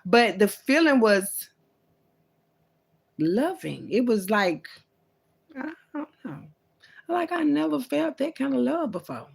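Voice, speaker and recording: A woman's voice: fairly high pitch, sing-song, takes it slowly, vocal fry, pauses often, breathy edge. A woman vlogger in a loose, profane, rambling monologue about faith, talking straight to her viewers. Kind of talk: casual rambling spiritual monologue.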